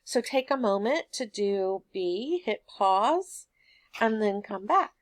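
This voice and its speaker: A woman teacher giving a recorded grammar lesson, explaining answers in a patient, steady way. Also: mid-range voice, takes it slowly.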